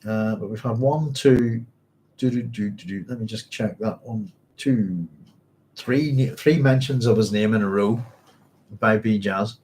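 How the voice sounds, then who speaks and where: A man with a fairly low, slightly mellow voice hosts a book club at an unhurried pace, with slight background noise. He reads passages from a novel aloud and thinks them through as he goes, often saying "if you like."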